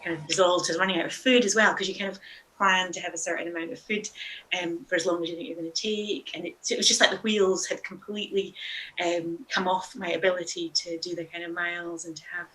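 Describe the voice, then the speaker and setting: A woman's voice: fairly low pitch, steady tone, fast talker, pushed and bright, slight background noise. A woman guest telling stories from a long-distance hike in a casual interview, rambling with many hesitations and small laughs.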